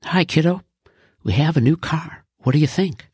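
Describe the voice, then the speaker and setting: A man's voice: a little high, expressive, normal speed, darkish tone, breathy edge, no echo, clean studio sound, voice pushed up. A man voicing a cheerful father who is a World War Two veteran, proud of his new car.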